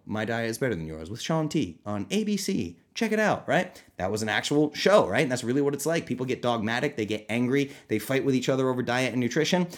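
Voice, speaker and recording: A chatty man in his thirties hosts a casual solo podcast as a nutrition coach. He talks in a lively, conversational way and swings up into high, giddy mock voices when quoting people. The pitch sits in the middle range for a man.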